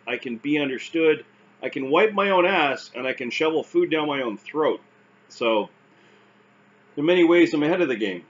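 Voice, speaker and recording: Speaking to camera about recovering from a stroke, this Canadian man is wry and pokes fun at himself, often using fillers and restarting sentences. His mid-range voice is a bit bright, and the recording is muffled.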